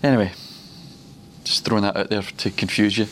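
A man's voice: on the low side, fairly even intonation, a bit bright, slight background noise. Man from Glasgow preaching a teaching sermon. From Glasgow, Scotland. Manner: storytelling, slows down and repeats words for emphasis. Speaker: preacher teaching a ministry school session.

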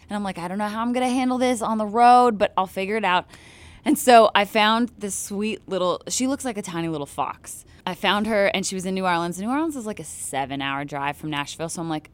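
A young woman, a touring country singer chatting in a casual interview, bubbly and quick to laugh. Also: lowish voice, smooth.

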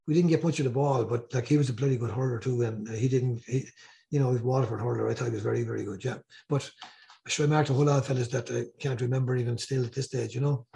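Older Irish man with a mellow voice. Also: mid-range voice, creaky. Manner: rambling, animated anecdotes with repeated words. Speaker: guest. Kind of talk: casual podcast storytelling.

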